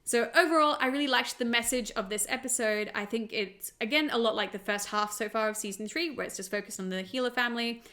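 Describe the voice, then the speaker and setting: A woman's voice: on the high side, quick pace, hardly any pauses, bright, forceful tone. An Australian woman, a parent, chatting in an upbeat way as she breaks down a cartoon episode. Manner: chatty and upbeat, laughs easily. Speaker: show reviewer and parent. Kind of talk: casual episode breakdown vlog.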